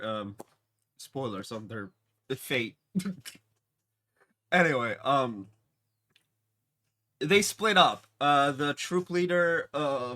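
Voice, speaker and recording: Slow-talking man with a bright voice. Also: mid-range voice. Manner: rambling, many fillers and restarts. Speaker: TV episode reviewer. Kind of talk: casual spoken episode recap.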